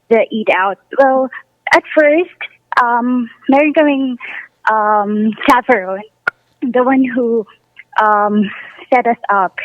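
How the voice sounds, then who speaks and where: Hesitant young Filipino woman caller, raised pitch, dry thin phone line. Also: dry recording. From Philippines. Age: 20s. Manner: hesitant, many ums, mixing in Tagalog.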